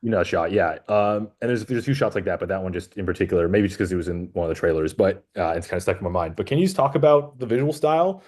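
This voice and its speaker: Interviewing a filmmaker, a male festival programmer speaks quickly with hardly any pauses in a low, slightly mellow voice. He is chatty and rambling, his talk packed with fillers.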